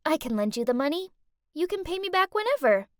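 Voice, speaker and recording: A kind teenage schoolgirl in a cartoon story, voiced by a woman, speaking sweetly to comfort a friend. Her voice is high and lively and swoops with feeling. The recording is close and dry. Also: brisk, no room sound. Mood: reassuring. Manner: sweet, reassuring.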